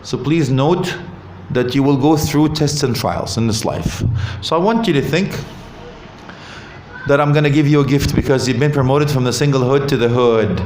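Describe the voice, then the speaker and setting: A man giving a lively talk on marriage at a mosque, asking the audience questions and joking. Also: mid-range voice, normal speed, a little hiss or hum. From Canada. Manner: animated, asks the audience questions, jokes. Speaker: visiting Islamic speaker. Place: mosque hall. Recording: roomy hall with faint ambience.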